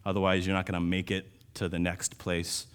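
Pastor, male, very deep voice; casual sermon delivery, restarts, punchy emphasis. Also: monotone, fairly quick, smooth. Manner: conversational, with restarts and sudden louder emphasis.

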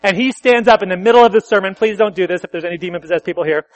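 A pastor preaching a sermon at a church service, talking conversationally, correcting himself and asking the congregation questions. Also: male voice, high-pitched, very fast, no echo.

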